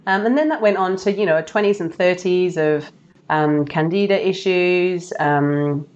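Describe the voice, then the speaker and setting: A woman's voice: on the low side, a little slow, a little mellow, highs cut off. A woman, a podcast guest chatting candidly in a casual interview, full of fillers. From Australia.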